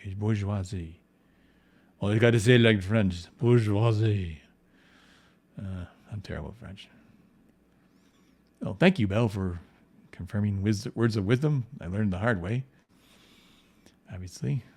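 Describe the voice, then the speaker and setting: A man's voice: lowish voice, moderate pace, long pauses, a little mellow. A man, a comic book artist, talking casually on a livestream while painting, rambling with frequent restarts and lots of "you know".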